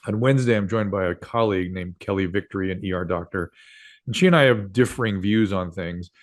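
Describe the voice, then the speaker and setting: Low-voiced older man telling radio stories. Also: a little fast. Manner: rambling, frequent fillers and restarts. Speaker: guest doctor and radio host. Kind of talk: casual interview storytelling.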